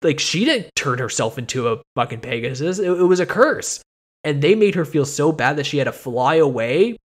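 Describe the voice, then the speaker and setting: A man hosting a casual podcast chat, ranting with animated, profane mock outrage. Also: on the high side, moderate pace. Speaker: podcast host.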